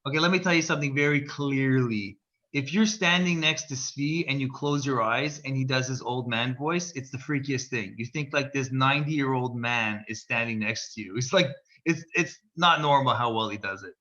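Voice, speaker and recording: A playful man teases his co-hosts on a video call. His voice is bright and forceful, and the call audio comes through somewhat dull and lo-fi. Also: mid-range voice, normal speed. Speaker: podcast co-host. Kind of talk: casual chat.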